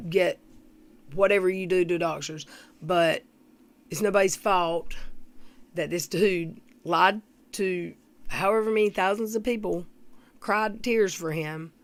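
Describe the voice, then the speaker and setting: On a relaxed livestream, the host, a woman with a lowish voice, rambles through her commentary, greets people in the chat, and clears her throat often.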